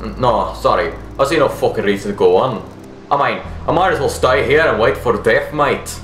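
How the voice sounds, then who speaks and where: A man's voice: mid-range voice, normal speed, a bit bright, reverberant, a little hiss or hum, close to an everyday voice. A man putting on a swearing Australian widower. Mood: grieving. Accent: put-on Australian. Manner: swearing, despairing, calls everyone mate. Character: grieving foul-mouthed widower man, Australian.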